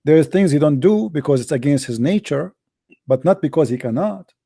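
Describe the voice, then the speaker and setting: A man's voice: a little high, expressive, brisk, creaky, warm tone, husky. A middle-aged man with an Arabic accent, hosting a call-in show and giving a polemical religious talk in a mocking, emphatic way with broken grammar.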